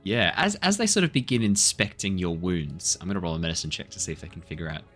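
Low-voiced male game master narrating casually. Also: animated, quick pace, a bit bright, soft background music.

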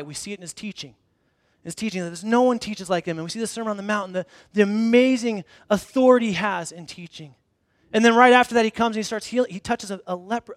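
High-voiced man preaching casually. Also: no echo, clean studio sound. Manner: casual storytelling with frequent restarts; self-deprecating humor. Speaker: pastor. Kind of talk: conversational sermon. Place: church hall before a congregation.

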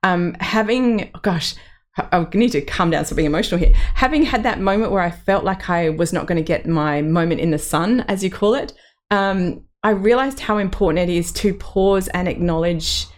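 Casting: middle-aged woman, low voice, candid solo podcast host. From Australia. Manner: candid and personal, with laughs and fillers.

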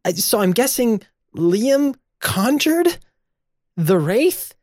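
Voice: mid-range voice, sing-song, slow, darkish tone, no room sound, studio quality, pitched above the performer's own voice. A tabletop player voicing an anxious, rambling young ghost hunter in a raised, nervous voice.

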